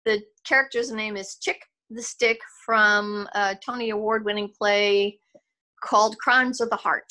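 An older woman talking on a video call as an interview guest, reflective and halting, laughing often. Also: medium pitch, fairly even intonation, sharp tone. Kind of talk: casual interview conversation.

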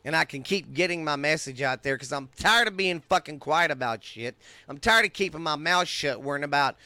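A man's voice: fairly high pitch, normal speed, hardly any pauses, pushed and bright, dry recording. Angry profane Texan man ranting. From United States. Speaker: podcast host. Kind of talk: ranting monologue.

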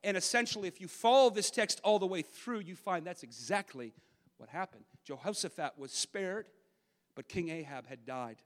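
A man preaching a sermon and reading from the Bible, emphatic and swinging from loud to hushed. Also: sits high, lively intonation, moderate pace, long reverb tail.

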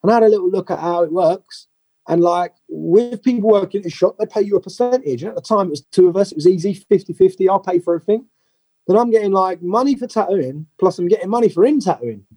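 A man, a tattoo artist, telling stories about his career in a casual, animated way as an interview guest. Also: high voice, quick pace, breathy edge, dry recording, poor audio. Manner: animated, acts out quoted voices.

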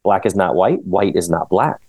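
A man's voice: low-pitched, expressive, a little mellow, breathy edge. A man reading as an odd squat little man lecturing. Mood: emphatic lecturing. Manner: slow, insistent, lecturing.

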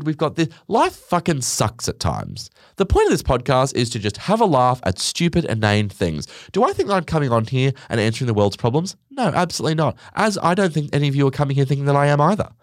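Sarcastic ranting man, lively pitch. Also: dry recording, studio quality. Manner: sarcastic, profane, animated swings in pitch. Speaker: podcast host. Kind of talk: ranting comedic monologue.

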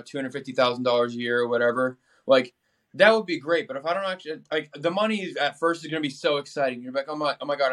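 A man's voice: medium pitch, a bit bright. A young man from New England, talking in a casual interview with energy, lots of fillers and restarts. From New England, USA. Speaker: podcast guest.

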